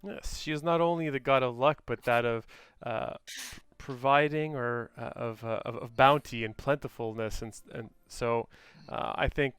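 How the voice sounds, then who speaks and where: A man playing his character in a tabletop game. His voice is smooth and resonant, and the recording is dry. He hesitates often, stopping to search for words. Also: medium pitch, normal speed, a bit bright, dry recording. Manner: hesitant, filler-heavy. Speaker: player. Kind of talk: in-character role-play.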